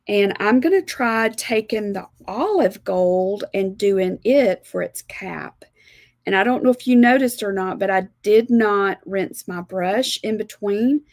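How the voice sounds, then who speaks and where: Slow-talking Southern woman teaching painting. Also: medium pitch, no room sound, studio quality. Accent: Southern American. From South Alabama, USA. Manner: chatty, homey, explains step by step. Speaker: art instructor. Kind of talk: live watercolor demonstration.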